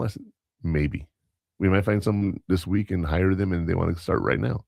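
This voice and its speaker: Low gravelly male podcast co-host, rambling anecdotal storyteller, dry close sound, casual chat. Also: brisk, a little mellow, no room sound. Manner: rambling, anecdotal, with self-corrections and quoted dialogue. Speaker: podcast co-host and substitute teacher.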